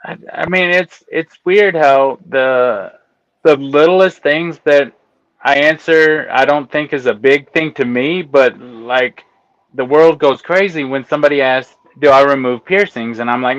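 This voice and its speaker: Animated man on a dull lo-fi line. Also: on the high side, moderate pace, dry recording. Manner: animated, laughs while telling stories. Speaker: guest, autopsy technician. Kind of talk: casual interview storytelling. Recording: dull lo-fi sound.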